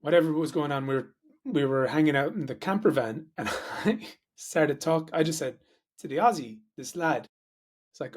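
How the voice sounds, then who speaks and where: A man's voice: fairly high pitch, fairly quick. An Irish man co-hosting a podcast, telling stories in a casual, chatty way and laughing often. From Ireland. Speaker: podcast co-host. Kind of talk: casual chat.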